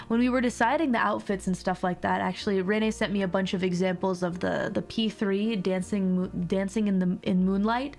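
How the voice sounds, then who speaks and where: A young woman chatting on a casual livestream at her desk mic, rambling from one thing to the next with plenty of laughs. Her voice sits at a middling pitch with a gravelly, fry-tinged edge, and a mild sore throat roughens it a little. Faint music plays underneath. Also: fairly even intonation, normal speed, hardly any pauses, darkish tone. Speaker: streamer.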